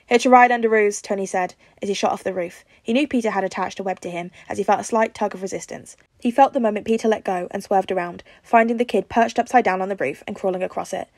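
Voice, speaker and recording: A woman's voice: mid-range voice, fast, hardly any pauses, no echo. Woman reading a story in a dry room. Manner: even, storytelling narration. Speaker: podfic reader. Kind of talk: fan fiction read aloud.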